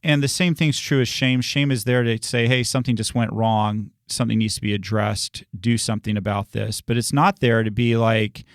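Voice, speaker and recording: A man speaking as a pastor in a relaxed sermon discussion, earnest and reassuring, often restarting his sentences. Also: mid-range voice, normal speed, few pauses, dry recording, studio quality.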